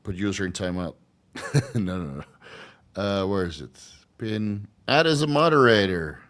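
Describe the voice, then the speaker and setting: A man hosting a casual livestream Q&A, rambling and crude, laughing often and filling pauses with ums and uhs. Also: on the low side, lively intonation, fairly bright tone. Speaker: channel host answering live chat questions.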